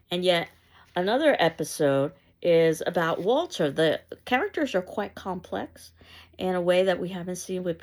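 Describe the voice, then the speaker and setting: A woman's voice: low voice, creaky, a little mellow. A woman teacher giving a conversational literature lecture, retelling scenes with a wry, casual delivery.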